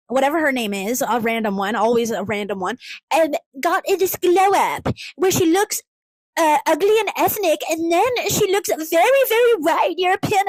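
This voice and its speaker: A woman's voice: sits high, no echo. A woman putting on the voice of a vapid young female social media influencer, in a sing-song, mock-sweet manner.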